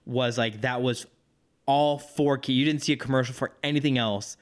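A man co-hosting a podcast, chatting casually and enthusiastically. His voice sits at a medium pitch. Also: fairly even intonation, normal speed. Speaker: podcast co-host. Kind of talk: casual chat.

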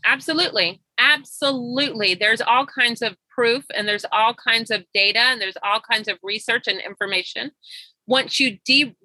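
A woman's voice: on the high side, pushed and bright, husky, no room sound, poor audio. A middle-aged woman health coach telling client stories in an interview, acting out both sides of the conversations. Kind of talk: storytelling interview guest.

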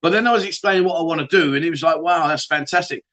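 Chatty, bright-voiced livestream host. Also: male voice, fairly high pitch, very fast. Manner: chatty and jokey, banters with viewers. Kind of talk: casual livestream chat reading viewer comments.

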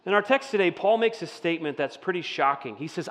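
A man with a somewhat high voice leads a sermon in a loose, chatty way and keeps turning questions back to the room. His voice rings out with a long reverb tail, as if he is in a large church hall. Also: animated, fast talker, a bit bright. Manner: conversational, asks the audience questions. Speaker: pastor. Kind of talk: interactive sermon.

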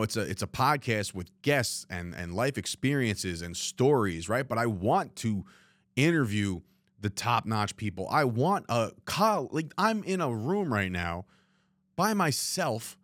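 A man's voice: medium pitch, very animated, unhurried, fairly bright tone, dry recording. A man hosting a solo podcast from a studio, talking candidly and rambling with swearing and lots of "you know what I mean.". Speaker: podcast host. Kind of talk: reflective solo podcast monologue. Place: studio room, alone.

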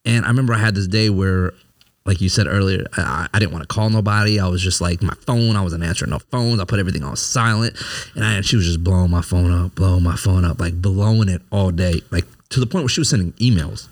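A fast-talking man in his thirties, likely late thirties, with a lowish voice speaks candidly and without guard in casual conversation. Born to an immigrant family, he came to America as a child. As he opens up he searches for words, restarting, circling back, and leaning on fillers.

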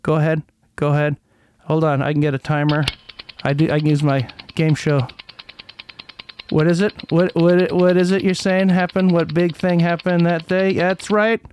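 A man's voice: on the high side, fairly even intonation, normal speed, a little mellow, slight background noise. A man hosting a casual solo podcast, rambling and sarcastic, who stumbles over words as he reads out an old news article. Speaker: podcast host.

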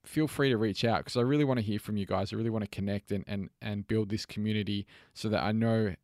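A man's voice: lowish voice, fast, darkish tone, no echo, clean studio sound. A man hosting a podcast, talking earnestly to his listeners and often repeating his words. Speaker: podcast host. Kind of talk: casual podcast talk and listener appeal.

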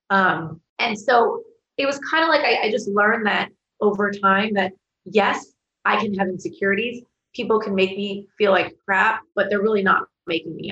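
A woman from England, a podcast guest, telling her life story in a lively, chatty way full of fillers. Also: mid-range voice, roomy sound, muffled recording. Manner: lively, chatty, frequent "like" and "you know". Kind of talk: casual interview storytelling.

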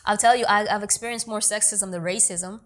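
Young new woman, blunt and streetwise, says "you feel me" a lot, mid-pitched voice. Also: fairly even intonation, brisk. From New York City. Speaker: guest, actor and producer. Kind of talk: casual interview talk.

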